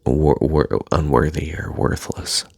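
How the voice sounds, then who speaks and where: Really deep husky guy talking soft and slow, almost whispering, dry close mic. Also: fairly even intonation, no echo. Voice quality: husky, gravelly. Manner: soft, halting, drifts into a near-whisper. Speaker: self-help speaker. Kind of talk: reflective personal monologue.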